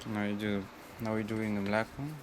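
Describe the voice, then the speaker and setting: A man casually walking through a hands-on how-to, giving plain, unhurried step-by-step instructions. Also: fairly low pitch, steady tone, background noise. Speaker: tutorial presenter.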